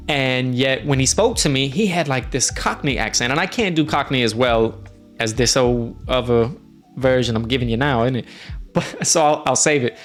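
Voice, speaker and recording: A man from the United States chatting casually, telling travel stories in a friendly, rambling way with plenty of fillers. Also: medium pitch. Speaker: streamer host. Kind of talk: casual storytelling. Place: indoors, lives in Norway.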